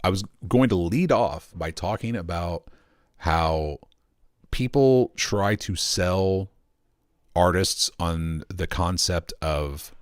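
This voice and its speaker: A man's voice: low voice, no room sound, clean studio sound. A man ranting and telling a story at home in a casual, profane, rambling way. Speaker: streamer.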